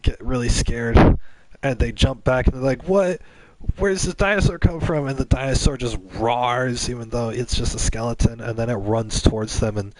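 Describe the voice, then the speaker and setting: A man's voice: medium pitch, level tone, moderate pace, a little mellow, no room sound, low-quality recording. A man hosting a gaming channel, making up a long story on the spot, rambling with many restarts.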